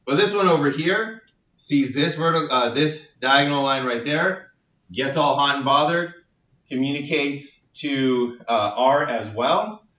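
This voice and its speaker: A male university lecturer with a bright, forceful voice explains a model playfully, tying it to group chats and phones. He is recorded in a reverberant classroom from a distance, and the sound is dull and lo-fi. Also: mid-range voice, a little slow. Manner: playful, explains with everyday comparisons. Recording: echoey lecture hall, distant dull mic.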